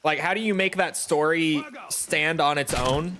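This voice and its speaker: A man's voice: fairly high pitch, a little slow, background noise. A man giving casual gameplay commentary, chatty and rambling, often correcting himself mid-sentence. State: has the hiccups. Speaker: gaming streamer.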